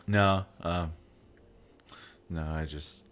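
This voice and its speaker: A man's voice: sits low, fairly even intonation, extremely slow, a bit bright, smooth. A man co-hosting a visual novel let's play, chatting casually, joking and laughing often. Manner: jokey, laughs often, rambling. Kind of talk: casual chat over gameplay.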